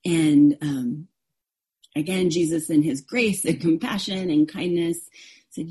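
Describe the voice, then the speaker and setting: A woman's voice: low voice, takes it slowly, mellow, husky. A woman pastor giving a sermon, earnest and openly vulnerable, often restarting her sentences. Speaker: interim co-pastor.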